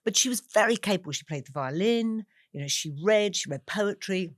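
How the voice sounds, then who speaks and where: A woman in her sixties from England, a guest talking over memories, with an animated storytelling manner and frequent laughs. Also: mid-range voice, a little fast, no room sound, clean studio sound. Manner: warm storyteller, laughs often, animated asides. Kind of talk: reflective conversation.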